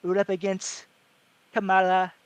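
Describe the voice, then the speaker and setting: A man doing an impression of a blustering older male politician, slow and emphatic, in a casual chat. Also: sits high, monotone, smooth, dry recording. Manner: slow, drawn-out, emphatic delivery.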